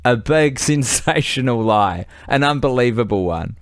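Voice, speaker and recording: A man's voice: mid-range voice, animated, unhurried, smooth, no room sound, studio quality. A man co-hosting a podcast, chatting casually about a film with wry, joking interjections. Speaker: podcast co-host. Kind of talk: casual film-review chat.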